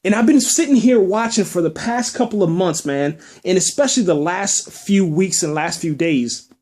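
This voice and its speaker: A man with a fairly high voice talks alone into the mic as a podcast host. He is emphatic and emotional, circling back and repeating words as he presses his point. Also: normal speed, darkish tone. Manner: emphatic, repeats himself when worked up. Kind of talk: solo spoken movie review.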